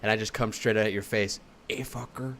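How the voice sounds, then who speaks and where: A man's voice: fairly low pitch, flat delivery, fast, a bit bright, slight background noise. A man co-hosting a podcast in easygoing casual chat, often restarting his sentences and laughing along. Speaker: podcast co-host.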